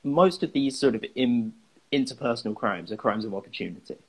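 A man's voice: mid-range voice, expressive, a little fast, breathy edge, low-quality recording. A man co-hosting a podcast who muses about ideas in thoughtful casual chat, hedging often with "like" and "I think". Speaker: podcast co-host.

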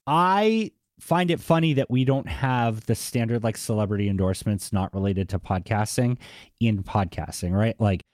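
A man with a Boston accent chats as a guest in a conversational interview, often tagging his thoughts with "like" and "right?". His voice is lowish and darkish at a moderate pace, recorded in studio quality with no room sound.

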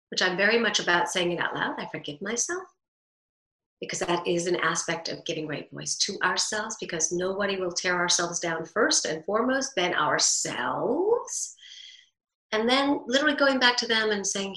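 A woman voice actress giving an interview, talking in an animated way and acting out bits of everyday dialogue. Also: medium pitch, moderate pace, echoey room, poor audio. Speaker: guest, voice actress. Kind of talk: interview talk.

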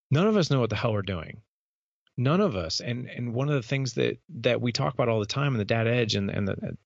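A man in his thirties tells a candid personal story with a low, gravelly voice. He talks earnestly and often restarts and repeats words. The sound is dry, dull and lo-fi. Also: fairly bright tone, no room sound. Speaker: podcast host and guest speaker.

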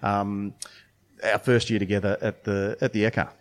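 Brief: middle-aged brewer, lower voice, casual rambling talker who restarts a lot. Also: male voice, little pitch movement, normal speed. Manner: rambling storytelling with many restarts and fillers. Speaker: brewer and beer judge. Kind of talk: casual interview chat.

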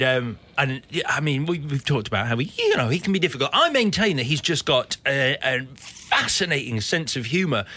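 A man's voice: mid-range voice, sharp tone. A man chatting as a podcast guest, telling stories animatedly and throwing in quoted film lines with gusto. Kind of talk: casual chat.

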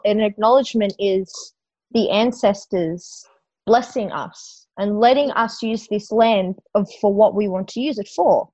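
A woman's voice: mid-range voice, dark tone, no echo. A woman on a podcast, speaking forthrightly and with emphasis in casual chat, now and then swearing. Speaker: professional wrestler guest. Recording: dull lo-fi dry recording.

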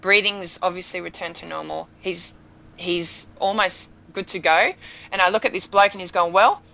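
A woman in her thirties, a podcast guest telling an emotional story in a lively, animated way. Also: lowish voice, moderate pace, vocal fry, low-quality recording. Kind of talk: casual storytelling.

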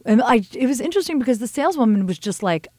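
A middle-aged woman hosting a podcast, telling stories in a candid, animated way and swearing freely. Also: on the high side, rapid-fire, dry recording. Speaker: podcast host. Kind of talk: casual chat.

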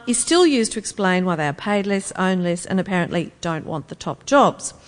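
Woman, public lecture, emphatic, rhetorical, reverberant hall. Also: mid-range voice.

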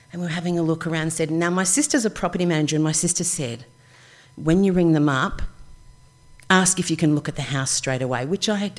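A middle-aged Australian woman telling a personal story live, chatty and animated, acting out the voices of people she quotes. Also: deep voice.

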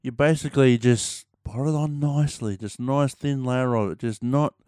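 Here a man with an Australian accent chats to his viewers at a moderate pace, rambling casually with lots of slang and fillers. His voice is medium in pitch with fairly even intonation and a darkish, clean tone. The studio-quality recording is dry.

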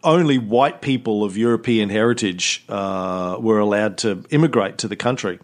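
A man's voice: on the low side, normal speed. An Australian man chatting casually as a podcast host, rambling and joking with frequent restarts. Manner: rambling, jokey, with repeated restarts. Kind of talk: casual chat.

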